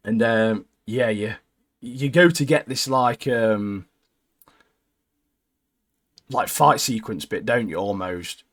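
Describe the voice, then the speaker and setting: A man recapping anime episodes in a casual podcast chat, animated and peppering his talk with "mate". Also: slow, long pauses. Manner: animated, keeps adding "mate", jumps into high squeaky voices when quoting characters. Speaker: podcast co-host.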